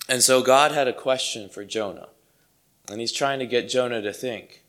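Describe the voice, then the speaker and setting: A man's voice: mid-range voice, moderate pace, sharp tone. A man preaching a sermon to his congregation, earnest and emphatic, repeating key phrases for weight.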